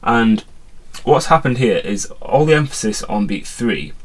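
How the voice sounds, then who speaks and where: A man explaining how to set lyrics to a melody in a relaxed online music lesson, counting beats aloud. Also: mid-range voice, a little slow. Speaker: guitar and songwriting teacher.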